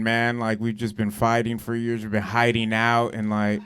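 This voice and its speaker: A man's voice: lowish voice, flat delivery, normal speed, a bit bright, clear, resonant tone. A young man doing a stand-up set, telling stories in a loose, profane, conversational way full of "like" and "dude". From Southern California. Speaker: stand-up comedian. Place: comedy club stage.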